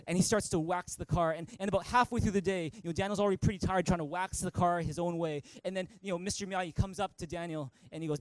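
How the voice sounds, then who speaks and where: A man's voice: high voice, steady tone, fast, no echo, poor audio. A male pastor preaching a storytelling sermon in church, with many stammered restarts.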